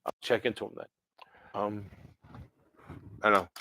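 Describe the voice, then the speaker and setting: A man's voice: lowish voice, level tone, normal speed, bright, forceful tone, a little hiss or hum. Chatty man in his fifties. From New Jersey. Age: 50s. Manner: rambling and chatty, with many fillers and self-corrections. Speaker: livestream host. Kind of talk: casual livestream chat answering viewer comments.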